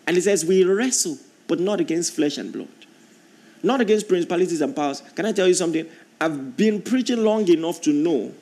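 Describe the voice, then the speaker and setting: A man preaching a sermon as pastor, reading scripture and repeating key lines, climbing into drawn-out emphatic passages. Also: on the high side, a little mellow.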